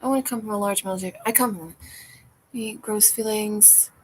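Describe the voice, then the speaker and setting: A woman rambles through a casual livestream from her home, talking loosely to chat and restarting her thoughts as she goes. Her pitch sits in an ordinary middle range. Faint household noise is heard behind her. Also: a little fast, poor audio. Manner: rambling, restarts often, drops into whispers. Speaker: streamer reading chat.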